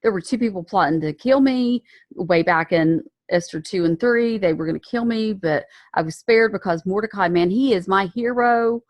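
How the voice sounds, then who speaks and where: A woman voicing an excited, grateful ancient male king who gushes in modern slang, in a Bible lesson. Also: mid-range voice, moderate pace, no echo, lightly acted. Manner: gushing, slangy.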